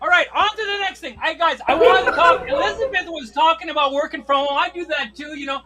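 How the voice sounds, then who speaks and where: A man's voice: very high voice, quick pace. A middle-aged man doing a stand-up routine, ranting in exasperation with frequent swearing. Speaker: stand-up comedian. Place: comedy stage.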